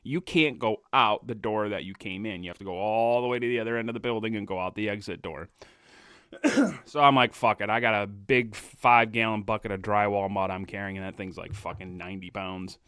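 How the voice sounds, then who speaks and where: A man co-hosting a podcast, telling crude stories in a casual, animated way. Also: fairly low pitch, fairly quick, clean tone, dry recording, clean studio sound. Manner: animated, crude, laughing storyteller. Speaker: podcast co-host. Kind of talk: casual storytelling chat.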